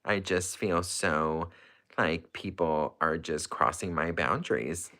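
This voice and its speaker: A man's voice: deep voice, exaggerated voice. A man doing a bored drawling female celebrity. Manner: slow, flat, weary drawl. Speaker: livestreamer.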